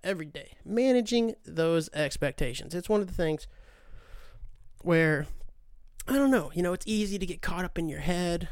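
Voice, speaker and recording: A man's voice: fairly high pitch, clean tone, dry recording, clean studio sound. A man hosting a podcast, rambling in a profane, self-deprecating monologue and saying dude a lot. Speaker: podcast host. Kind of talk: casual monologue.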